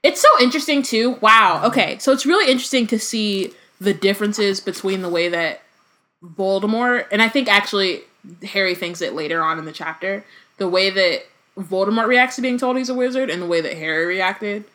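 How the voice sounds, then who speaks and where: A woman's voice: mid-range voice, a little fast, sharp tone. A woman co-hosting a podcast, chatting casually about a book, swearing freely and reading passages aloud. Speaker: podcast co-host.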